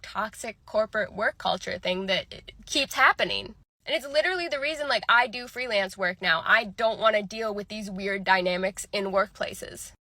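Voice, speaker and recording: A woman in her twenties talks frankly to camera in a casual rant, firing off emphatic questions. Her voice is bright and clear, and it sounds close and dry. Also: medium pitch, dry recording. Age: 20s. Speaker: vlogger.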